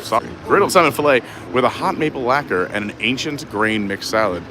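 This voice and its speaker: A man's voice: mid-range voice, expressive, a little fast, noisy background. A man live-streaming a walk through a theme park festival, chatting casually and reading menu boards aloud. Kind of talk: casual walking commentary.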